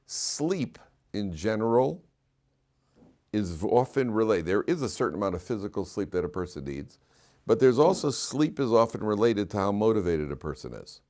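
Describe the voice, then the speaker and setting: A middle-aged rabbi giving a lively storytelling class, his voice sitting a bit low. He laughs through his anecdotes and keeps turning questions back to the room of listeners. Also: normal speed.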